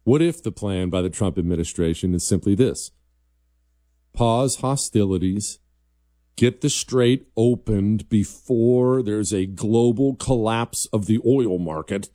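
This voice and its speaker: A combative man hosts a political commentary show in a low, mellow voice. He drives each point hard and keeps an emphatic edge. The sound is dry and close, with no room around it. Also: no echo. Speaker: host.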